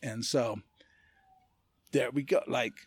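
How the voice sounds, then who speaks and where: A man's voice: mid-range voice, slightly rough, no room sound. Man from California telling a street story. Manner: animated, acts out other people's lines in quick voices; laughs often through his story. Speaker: podcast guest, martial arts gym owner. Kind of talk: casual storytelling.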